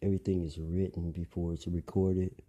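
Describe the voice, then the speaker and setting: A man's voice: low-pitched, level tone, moderate pace, warm tone, a little hiss or hum. A man delivering a rambling monologue, lecturing listeners, repeating phrases and asking them pointed questions.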